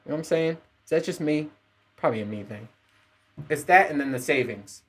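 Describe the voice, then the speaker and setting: A man's voice: a little high, expressive, brisk, breathy edge. Profane rambling man ranting on his podcast. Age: adult parent. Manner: profane, rambling, frequent laughs. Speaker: podcast host. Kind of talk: casual solo podcast rant.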